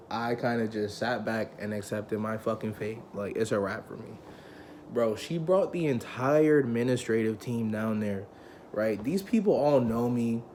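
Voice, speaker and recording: With slight background noise behind his mid-range voice, a young man tells a personal story in casual slang, cursing a lot. He's animated and loose, acting out the people he quotes.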